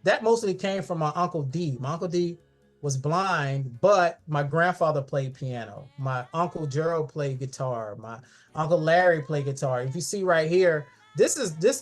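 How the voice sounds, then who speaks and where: A man's voice: on the high side, animated, normal speed, faint music behind. Man giving a fond talk. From Columbia, South Carolina. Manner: fond, personal, with frequent restarts. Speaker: guest speaker. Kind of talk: online history talk showing family photos. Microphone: video call.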